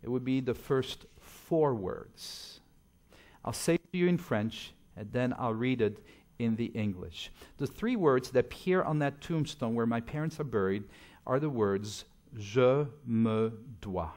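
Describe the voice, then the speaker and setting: A man's voice: medium pitch, expressive, unhurried. Middle-aged male preacher, church sermon, storytelling delivery with big swings in volume. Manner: storytelling, swings between loud emphasis and soft asides. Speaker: pastor.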